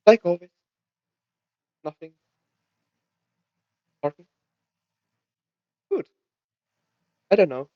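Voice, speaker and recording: A man plays a curious, polite alien woman with a soft-spoken, cheerful way of talking, set a little higher than his usual voice. The sound is dry and dull, like a lo-fi home mic. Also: animated, drawn-out words, long pauses, no echo, exaggerated voice. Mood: friendly.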